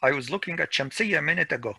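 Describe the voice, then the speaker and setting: A man teaching a weekend school class, drilling word pronunciation slowly and repeating each word to his students. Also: a little high, lively intonation, creaky, sharp tone, husky, no room sound, poor audio. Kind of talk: classroom grammar lesson.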